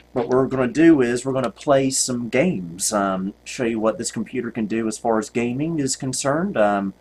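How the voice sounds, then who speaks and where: A man's voice: medium pitch, darkish tone, a little hiss or hum. A man, rambling and joking at himself with many ums while commenting on gameplay. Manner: rambling, self-mocking, many ums and laughs. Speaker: retro computer video host.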